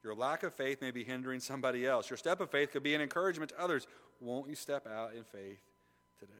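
Bright-voiced preacher man in a reverberant church. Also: mid-range voice. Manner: animated and conversational, swinging between loud emphasis and quiet intensity. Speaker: pastor. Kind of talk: sermon. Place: church sanctuary.

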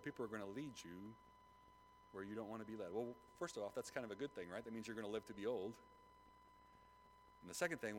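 A man preaching a sermon, retelling a Bible story with lively acted-out voices. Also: on the low side, slight background noise, low-quality recording. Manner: animated storytelling, acts out the voices of biblical figures. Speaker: pastor.

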